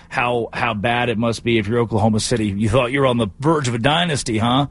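A man hosting a sports talk show, delivering an animated, jokey monologue and slipping into silly voices. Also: medium pitch, fast, hardly any pauses, breathy edge. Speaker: sports radio host.

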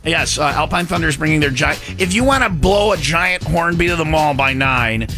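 Gravelly, rambling radio host from Wisconsin. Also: male voice, a little high, animated, a little fast, over music. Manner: jokey, rambling, self-correcting. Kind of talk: morning radio banter.

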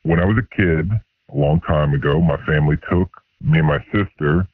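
A man's voice: moderate pace, husky, no echo. A man in his forties calling in anonymously through a voice changer, telling a sheepish, rambling story. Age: 40s. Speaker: anonymous caller. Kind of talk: confessional call-in story. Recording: deep-pitched, muffled phone line.

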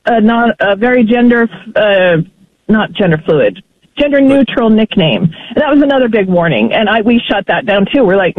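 A woman's voice: mid-range voice, lively intonation, normal speed, dry recording. A woman caller on a radio talk show comes through a thin, tinny phone line with no room sound. She talks emphatically and animatedly and breaks into laughter often.

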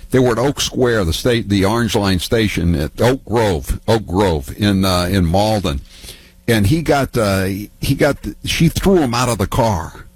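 An older man, telling political stories in a rambling, halting way full of restarts. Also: lowish voice, husky, no room sound. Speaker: political talk guest. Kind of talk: casual political storytelling.

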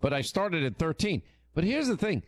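Lively, teasing male radio host. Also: fairly high pitch, normal speed, no room sound. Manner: animated, teasing storytelling. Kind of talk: casual on-air chat.

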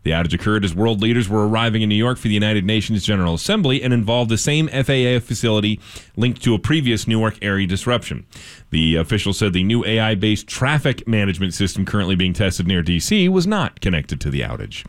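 A man's voice: on the low side, expressive, fast talker. A man hosting a local radio show, reading news items with casual asides and fillers.

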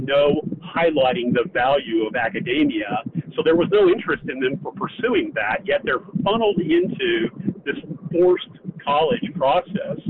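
A man's voice: a little high, vocal fry. An older man, a former community college professor, calling in to a radio show and speaking earnestly, with many hesitations and fillers. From Texas. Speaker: caller. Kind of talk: radio call-in chat. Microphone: phone. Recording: tinny phone line with noise.

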